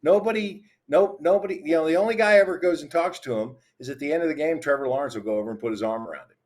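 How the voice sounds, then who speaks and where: A man on a sports talk panel, telling stories in a relaxed conversational way. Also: fairly high pitch, rapid-fire. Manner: storytelling, conversational.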